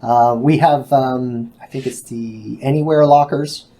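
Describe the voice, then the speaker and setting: A man's voice: medium pitch, fairly even intonation, measured pace, mellow. A man speaking as a guest in a business interview, explaining in a casual way with some fillers. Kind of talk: video interview answers.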